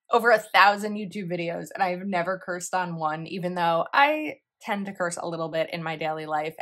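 Woman, 30s, chatty giggly vlogger voice, bright and crisp, on the lower side. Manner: chatty and giggly, reads quickly. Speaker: planner vlogger. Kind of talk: casual product review, reading sticker quotes.

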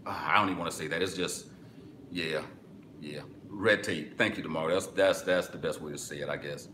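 A man hosting a live music-business webinar, reading chat and answering casually, with sudden excited bursts between relaxed stretches. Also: a little fast. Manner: excitable bursts, then drops low and relaxed. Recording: echoey room, faint background noise.

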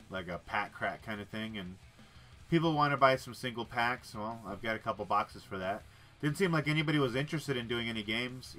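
Male stream host, low bright voice, casual and wry, faint guitar behind. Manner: wry, muttering asides. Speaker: livestream host opening card packs. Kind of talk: casual chat while reading cards aloud.

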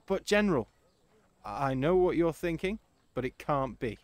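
A man's voice: a little high, expressive, moderate pace, no room sound, pitched above the performer's own voice, lightly acted. A man voicing a shaken, disbelieving male scientist who stammers and insists. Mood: panicked. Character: panicked male scientist, middle-aged, disbelieving.

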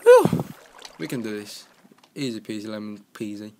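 A young man giving joking, excitable commentary while playing a game, with keyboard clicks in the background. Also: on the low side, brisk, a little hiss or hum. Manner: excitable, joking self-talk. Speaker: gaming commentator. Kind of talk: casual gameplay commentary. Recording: home recording with keyboard clicking.

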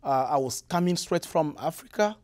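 A young man from the Republic of the Congo with a Congolese French accent, answering interview questions in halting English with many restarts. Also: fairly high pitch, lively intonation, darkish tone. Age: young adult. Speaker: guest musician.

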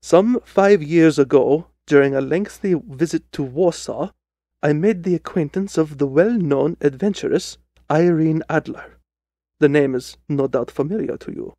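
Brief: a man putting on a commanding, formal royal client for a radio drama, fairly high voice, dry close sound. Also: unhurried, dry recording. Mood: urgent. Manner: formal, commanding, louder than the narration. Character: proud, agitated male European king.

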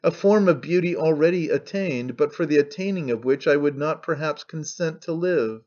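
A man doing a pompous old orator, shrill. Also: moderate pace, darkish tone, dull audio, close to an everyday voice. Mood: declaiming. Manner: declaiming grandly, shrill and defiant. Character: excitable old male orator, pompous and frantic.

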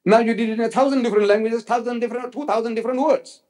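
An older man giving a public religious lecture, rhetorical and animated, quoting others in voices. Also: very high voice, racing. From South Africa. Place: lecture hall.

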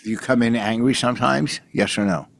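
Gravelly, defensive man in his sixties. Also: medium pitch, fairly quick. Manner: defensive, grumbling. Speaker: podcast co-host, comedian. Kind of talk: casual chat.

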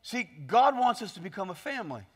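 A middle-aged man preaching a sermon, telling a lively family story and laughing often as an interpreter follows him. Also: high voice, fast. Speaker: pastor. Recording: long church hall reverb.

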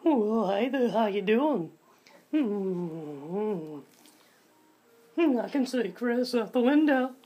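A young man doing an impression of a creepy old man neighbor, with a high strained voice that whistles on every S sound. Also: lively intonation, mellow, soft background music, full character voice. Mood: creepy, leering. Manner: high strained voice, slow drawl.

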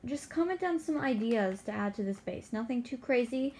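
A woman's voice: on the high side, expressive, normal speed, dark tone, slight background noise. A woman co-hosting a gaming video, chatting in a playful, teasing way as she plays. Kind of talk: casual gameplay chat.

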